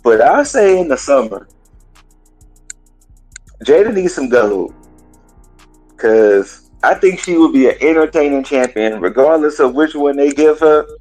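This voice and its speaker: A man hosting a gaming and wrestling podcast, casually recapping a show in a colloquial, chatty way and pausing now and then to cough. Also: medium pitch, a little mellow, poor audio.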